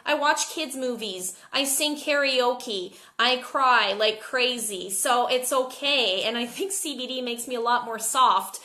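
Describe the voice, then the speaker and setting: A woman's voice: high-pitched, sharp tone, roomy sound. A woman talking candidly to her team in a casual live video, tired and jet-lagged, often repeating words as she thinks. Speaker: network marketing team leader.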